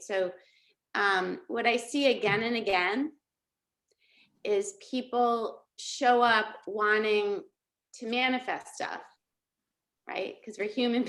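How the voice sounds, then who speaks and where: A middle-aged woman leading a live coaching session over a video call, energetic and checking in with her listeners again and again. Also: medium pitch. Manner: energetic, checks in often with "okay?" and "right?". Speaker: life coach.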